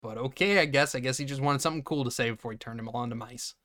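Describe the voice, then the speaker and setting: A man's voice: mid-range voice, rapid-fire. A man casually recaps a film on a podcast in an ordinary mid-range voice. He acts out the characters' lines and breaks into laughter often. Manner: animated retelling, acting out lines, laughing often. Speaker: podcast co-host. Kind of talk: casual movie recap chat.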